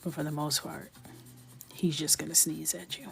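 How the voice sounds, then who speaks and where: A woman's voice: sits low, steady tone, moderate pace, creaky. A young woman chatting casually with viewers as she colors, telling stories, often dropping to a whisper and laughing. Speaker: coloring livestream host. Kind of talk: casual chat while coloring.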